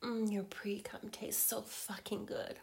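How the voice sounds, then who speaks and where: A woman in a whispered role-play as a girlfriend, teasing in slow, breathy whispers broken by soft hums. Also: medium pitch, flat delivery.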